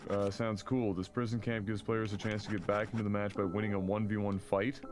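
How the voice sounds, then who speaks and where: A man streaming a co-op game, chatting casually and reading news aloud with frequent fillers and swearing. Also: on the low side. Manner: profane, jokey, reads with frequent fillers.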